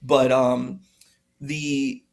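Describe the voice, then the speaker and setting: A man's voice: mid-range voice, little pitch movement, drawn-out words, vocal fry. A man hosting a reaction stream, ranting in a heated voice and firing off rhetorical questions. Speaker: stream host reacting to a debate. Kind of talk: casual reaction commentary.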